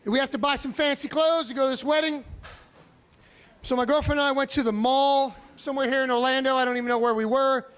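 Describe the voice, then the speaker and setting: A comedian from Chicago telling animated stories on a comedy club stage, with sudden loud outbursts. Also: male voice, very high voice, fast, clean tone. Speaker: stand-up comedian. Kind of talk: stand-up set.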